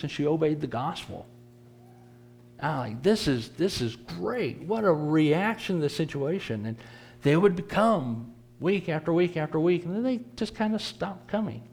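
A man's voice: fairly high pitch, lively intonation, moderate pace, darkish tone. A man preacher teaching a church class lesson, conversational and repeating words for emphasis.

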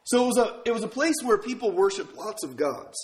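A pastor from Minnesota preaches a sermon, telling stories conversationally and posing rhetorical questions to the congregation. His high-pitched, expressive voice moves a little fast in an echoey room.

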